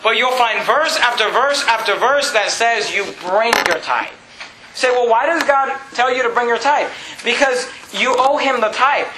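A man's voice: extremely high pitch, normal speed, reverberant, noisy background. A man preaching a sermon as pastor, quoting scripture and stressing his words. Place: church.

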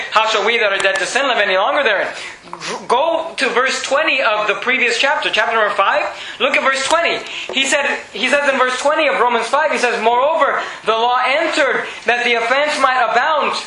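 A man preaching a sermon, reading scripture slowly and swinging from raised, emphatic lines to low, quiet ones. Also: reverberant, rough recording.

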